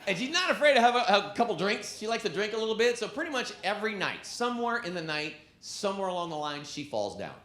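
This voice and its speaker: Animated man doing stand-up. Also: sits high, brisk. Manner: animated storytelling, breaks into laughs. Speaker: stand-up comedian. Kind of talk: stand-up comedy set. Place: comedy club stage. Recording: echoey club with background noise.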